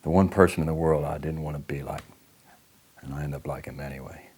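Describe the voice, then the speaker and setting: A man in his late forties playing an angry recovering addict in a counselling role-play, lurching between outbursts and low, ashamed muttering. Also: fairly even intonation, quick pace, darkish tone, husky. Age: late 40s. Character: angry recovering male addict near fifty, volatile and ashamed.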